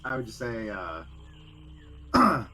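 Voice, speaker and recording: A man player in a tabletop game, hesitant and halting as he speaks. His voice is bright and sharp at middle pitch, with faint noise behind. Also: huge pitch swings.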